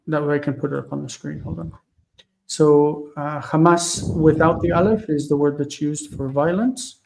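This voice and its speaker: Gravelly man teaching Hebrew casually. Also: a little high, darkish tone, low-quality recording. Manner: thinks aloud with many fillers and restarts; reads verses slowly, then explains casually. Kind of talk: casual live-streamed Bible Hebrew lesson.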